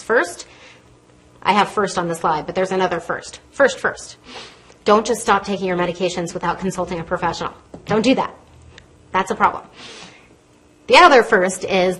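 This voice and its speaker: A woman speaks from a stage podium with a somewhat husky voice, pitched in a medium range. She talks with a quick, lively, conversational manner, teaching an audience about medications. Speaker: pharmacist giving a public health talk. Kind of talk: lecture to a live audience from a stage. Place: stage in a lecture hall. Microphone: podium microphone.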